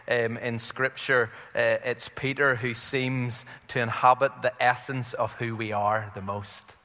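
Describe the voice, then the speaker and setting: A man's voice: medium pitch, pushed and bright, big-room sound. A man with an Irish accent preaching a conversational sermon, with frequent fillers and restarts as he retells a scripture story.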